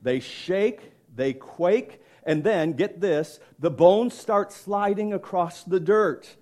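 A man's voice: high-pitched, slow, a little mellow. A man preaching a sermon, telling a story dramatically and emphatically, asking questions of his congregation. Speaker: pastor.

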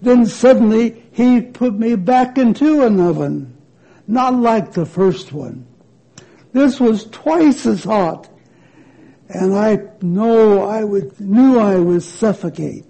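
Brief: man doing a storybook teacup, high, gravelly, very slow, pleading. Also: lively intonation, mellow, heavily acted. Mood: recounting. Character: proud talking teacup, once red clay.

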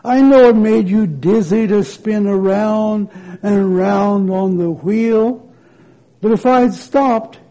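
An older-sounding man playing a patient male potter who explains gently and calmly, his voice lowered and softened. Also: gravelly, muffled recording, heavily acted. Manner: soft, calm, reassuring.

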